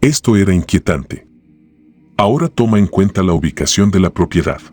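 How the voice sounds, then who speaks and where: A man reading scripted narration in a measured, suspenseful way. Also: deep voice, animated, darkish tone, no room sound, faint music behind.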